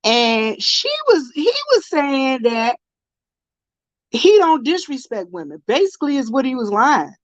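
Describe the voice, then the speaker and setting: High-voiced woman live-streaming. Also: unhurried, dry recording, highs cut off. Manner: animated, greets chat viewers mid-story. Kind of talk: casual live-stream storytelling. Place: convenience store.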